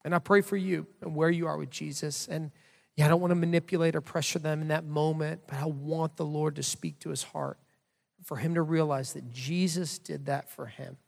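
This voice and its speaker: A man's voice: fairly high pitch, steady tone, moderate pace, vocal fry, a little mellow. A man in his thirties preaching a sermon as pastor, telling a story in a casual, conversational way with many fillers. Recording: long hall reverb.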